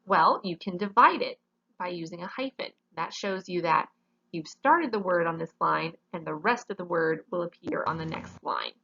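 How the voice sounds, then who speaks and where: A woman's voice: lowish voice, lively intonation, moderate pace, creaky, a bit bright, lo-fi sound. A woman teaching a grammar lesson in a classroom, explaining each rule step by step and often checking with "okay?".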